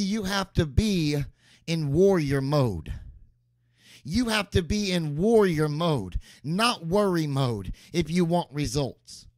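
A man's voice: on the high side, dry recording. A man preaching a sermon as pastor, emphatic and repeating key phrases for stress.

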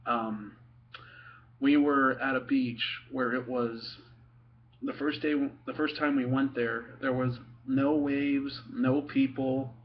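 A man's voice: medium pitch, fairly even intonation, slight background noise. Young man, casual storyteller, giggles and trips over his words, muffled home-video sound. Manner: giggly, laughs through his stories; halting, many ums and restarts. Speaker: son telling family stories.

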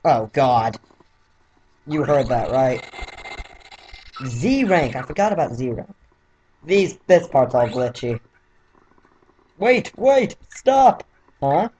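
A man's voice: medium pitch, lively intonation, slow, long pauses, darkish tone, muffled recording, a little hiss or hum. A young man giving casual, rambling commentary over a fighting game, correcting himself as he talks. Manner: rambling, self-correcting, reads game dialogue aloud in put-on voices. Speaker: let's play gamer.

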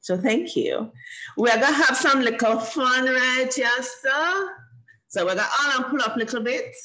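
A woman's voice: high-pitched, animated, moderate pace, pushed and bright, rough recording. A woman from Jamaica, playfully hosting an online kids' event over a video call, encouraging and often laughing. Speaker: host.

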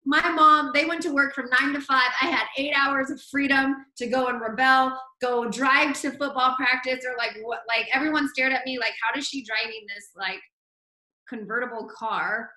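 A woman podcast host telling a story from her life in casual chat, animated and laughing often, acting out what people said. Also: high-pitched, normal speed, hardly any pauses. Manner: animated, laughs often, acts out quoted lines. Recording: roomy echo.

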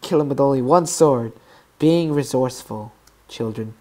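A man giving excitable gaming commentary, swearing freely and breaking into yelps and screams. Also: medium pitch, normal speed. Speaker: let's play gamer.

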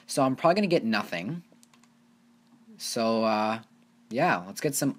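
Low-voiced man giving rambling game commentary. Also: a little slow, pauses often. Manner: rambling, easily excited, talks to viewers as "you guys". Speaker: gaming channel host. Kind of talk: casual gameplay commentary.

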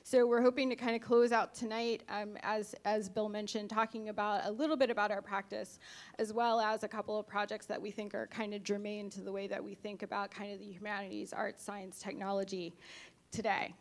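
A woman's voice: mid-range voice, little pitch movement, a little fast. A woman co-presenting at a conference as a guest speaker, talking fluently with frequent "kind of" and "you know". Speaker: guest speaker, arts organization director. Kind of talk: conference talk.

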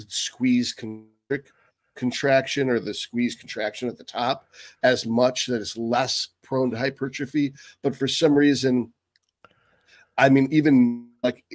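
A man's voice: medium pitch, dry recording. A man hosting a podcast, talking loosely and casually, now and then swearing and trailing off. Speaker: podcast host. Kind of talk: casual interview talk.

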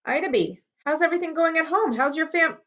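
A woman voicing a kind, motherly female apple tree with a gentle, soothing manner, on a dull lo-fi recording. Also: sits high, brisk, voice pushed up.

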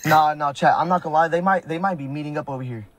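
A young man from the Sacramento area of California makes prank videos and is streaming live, talking to his chat in slang. His voice is fairly high and quick, and he sounds nervous, swearing oaths again and again.

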